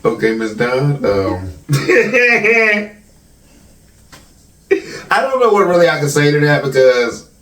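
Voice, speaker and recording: A man's voice: a little high, sing-song, takes it slowly, pauses often, a bit bright. A man hosting a casual talk show, greeting viewers by name as comments are read and reacting with easygoing laughter. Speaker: host. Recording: echoey room, mic at a distance.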